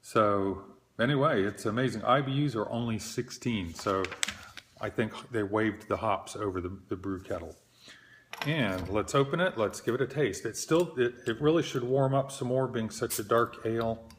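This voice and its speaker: A middle-aged man hosting his own beer review show, talking in an unhurried, hesitant way with many fillers and a self-deprecating tone. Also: on the low side, slight background noise. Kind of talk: casual solo beer review.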